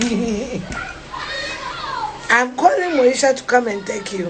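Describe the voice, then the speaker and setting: A high-voiced Ghanaian woman talks with her sons in a car, breaking into mock sobs and laughter as she teases them. Her English carries a clear Ghanaian accent. A noisy phone recording with steady hiss behind her. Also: slow pace. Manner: mock-crying, laughing, playful teasing. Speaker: mother vlogging with her sons. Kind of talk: casual family vlog.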